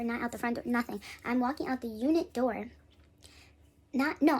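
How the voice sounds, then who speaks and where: A young woman talks to the camera in a lively, husky voice that sits high and leaps even higher as she acts out the people in her story. She chats casually and keeps the telling animated. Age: young adult. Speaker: vlogger.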